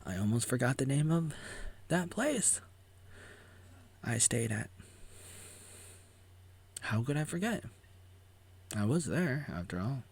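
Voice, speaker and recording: A man's voice: medium pitch, big pitch swings, slow pace, gravelly, long pauses, breathy edge. A man giving a goofy, rambling live reaction to a video about himself, jumping into silly voices and whispers. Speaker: vlogger reacting to his own documentary. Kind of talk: casual live reaction commentary.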